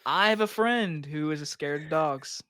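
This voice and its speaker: A man's voice: on the high side, unhurried, sharp tone, dry recording, clean studio sound. A young man co-hosting a casual podcast, teasing his friend and swearing often as he jokes. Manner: teasing, swears a lot, jokey. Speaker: podcast co-host.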